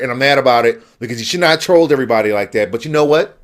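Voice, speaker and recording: A man's voice: mid-range voice, animated, rapid-fire, few pauses. A man ranting heatedly about a gaming event, exasperated and sarcastic. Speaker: gaming vlogger. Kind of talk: angry rant.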